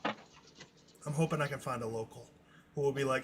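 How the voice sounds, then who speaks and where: A man hosting a podcast, telling stories in casual chat, animated and swearing offhandedly. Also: medium pitch, moderate pace, slight background noise. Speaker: podcast host.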